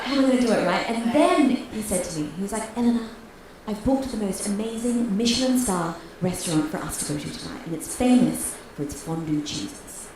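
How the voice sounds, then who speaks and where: A young Australian woman tells a brash stand-up story, with an Australian accent, and she acts out the voices in her quotes. Her voice echoes strongly around the room. She is heard from some distance, with the audience's laughter clearly audible behind her. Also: fairly high pitch, animated, quick pace, few pauses, noisy background. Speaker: stand-up comedian. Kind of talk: stand-up comedy set. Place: comedy club stage.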